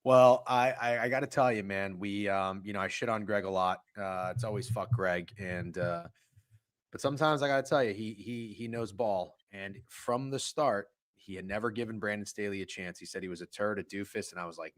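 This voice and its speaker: A man co-hosting a casual sports stream, swinging between loud outbursts and muttered asides. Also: fairly low pitch, a little fast. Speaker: co-host of a sports betting stream. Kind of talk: casual profane sports chat.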